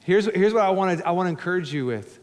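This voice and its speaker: Male pastor, higher voice, preaching with joking asides and big loud-to-soft swings, church reverb tail. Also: expressive, fast talker. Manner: emphatic, swings between loud urging and hushed low tones. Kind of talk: sermon. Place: church sanctuary before a congregation. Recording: long hall reverb in a church.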